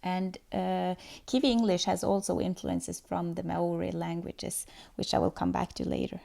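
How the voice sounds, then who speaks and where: A woman's voice: on the low side, little pitch movement, normal speed, vocal fry, mellow, dry recording. A woman giving a scripted student presentation on pronunciation, explaining steadily with occasional fillers. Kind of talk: school presentation voice-over.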